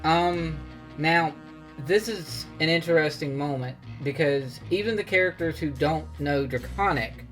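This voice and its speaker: A man's voice: on the high side, unhurried, fairly bright tone, soft background music. A man narrating as game master of a tabletop game, rambling with many fillers and laughs.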